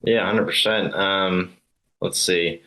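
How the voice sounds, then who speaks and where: A man's voice: sits low, steady tone, takes it slowly, bright, forceful tone, low-quality recording. A man of about twenty, a new insurance agent, telling a story casually with many fillers and hesitations. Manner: hesitant, many fillers, laughs between phrases.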